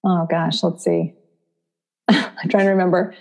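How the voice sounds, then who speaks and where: A woman from Vermont, a therapist, explaining her courses to an interviewer in a steady, explanatory way. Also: on the low side, slow, gravelly. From Vermont, USA. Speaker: therapist and course creator, guest. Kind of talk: interview answers.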